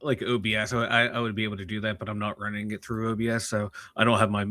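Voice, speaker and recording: Excitable man with a bright voice. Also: lowish voice, fast, no room sound. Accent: Pittsburgh. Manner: excitable, laughs easily, loud bursts that overload the mic. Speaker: podcast co-host. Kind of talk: casual live-stream chat.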